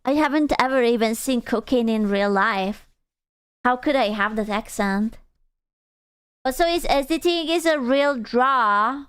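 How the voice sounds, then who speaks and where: A woman's voice: fairly high pitch, moderate pace, smooth. A young woman from Hungary with a Hungarian accent, a streamer chatting casually with viewers, teasing, rambling and swearing freely.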